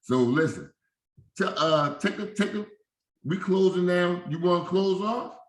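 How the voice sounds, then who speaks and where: A man's voice: sits high, lively intonation, measured pace. A man hosting a casual interview who repeats phrases for emphasis and talks straight to his viewers. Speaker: host. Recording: echoey room.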